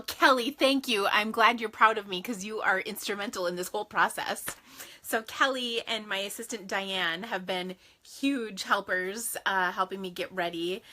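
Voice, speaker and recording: A woman's voice: mid-range voice, sharp tone. A woman hosting a casual craft livestream from her home craft room, chatting with sing-song greetings and lots of fillers.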